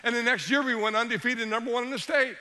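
Middle-aged male pastor, high and bright, animated storyteller, hushed to shouting. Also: quick pace. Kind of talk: sermon storytelling.

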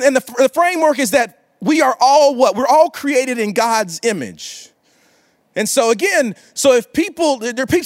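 High-voiced casual preacher man. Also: no room sound. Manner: casual, slangy, calls for viewer responses. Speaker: pastor. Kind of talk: livestreamed sermon.

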